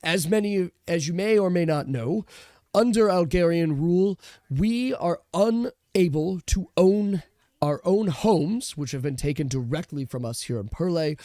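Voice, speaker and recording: A man playing a solemn male resistance leader, speaking formally and measured. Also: on the high side, mellow, no echo, clean studio sound, natural voice.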